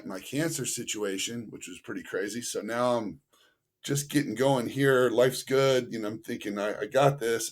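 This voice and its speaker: A man telling a story as a podcast guest in a loose, rambling way, full of fillers. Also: mid-range voice. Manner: acts out other people's voices in his stories. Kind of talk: casual storytelling.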